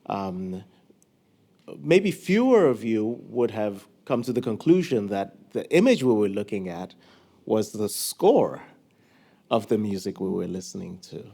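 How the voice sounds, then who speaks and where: Man, stage moderator, relaxed, stumbling fillers, somewhat low pitch. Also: vocal fry. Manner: casual, self-deprecating, halting with fillers. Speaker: moderator, writer. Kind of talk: public conversation on stage.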